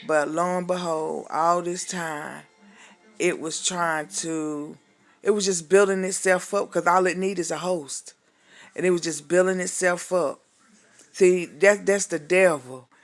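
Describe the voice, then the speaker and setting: A woman's voice: fairly low pitch, fairly even intonation, a little slow. A woman minister giving an emotional spoken testimony, fervent and preachy, calling the listener honey and holding back tears. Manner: calls the listener "honey", exclaims hallelujah.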